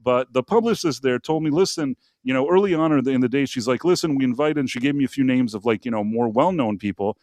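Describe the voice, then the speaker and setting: A man's voice: mid-range voice, quick pace, few pauses, a little mellow, no room sound. Guy on a live podcast rambling thru a story, lots of "you know what i mean", dry close sound. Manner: rambling, many fillers and asides. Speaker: podcast host. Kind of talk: casual storytelling on a live show.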